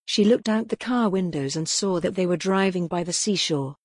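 A woman narrating an audiobook in a measured, even reading. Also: on the low side, no echo. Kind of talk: scripted narration.

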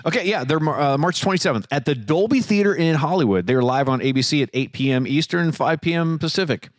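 A man's voice: on the high side, fast talker, dry recording, studio quality. A man co-hosting a podcast in casual chat, laughing and mocking himself as he talks. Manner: lively, laughing, self-mocking. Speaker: podcast co-host.

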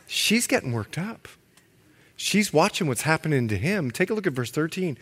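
Pastor, male, high-ish voice, very expressive delivery, playful loud-to-hushed swings. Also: fairly quick. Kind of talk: sermon.

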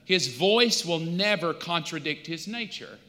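A man's voice: fairly high pitch, animated, measured pace, pushed and bright, in a large hall. A male pastor, preaching in a conversational, storytelling way with touches of humor. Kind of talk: sermon.

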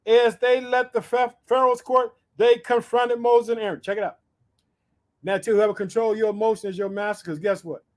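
This male preacher's voice is high, with little pitch movement and a moderate pace. Teaching from the Bible, he urges his listeners on through many rhetorical questions and sudden interjections.

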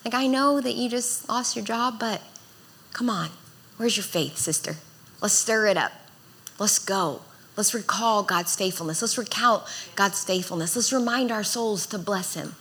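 A woman's voice: medium pitch, normal speed, a bit bright, slightly rough. A woman in her thirties preaching a sermon, earnest and exhorting, building to fervent calls to the congregation. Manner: earnest, exhorting, rises in intensity.

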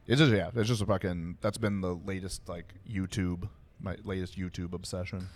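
A man's voice: low voice, fairly even intonation, normal speed, darkish tone. A man hosting a podcast, a comedian chatting casually in a rambling, profane way full of fillers. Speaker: podcast host. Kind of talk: casual chat.

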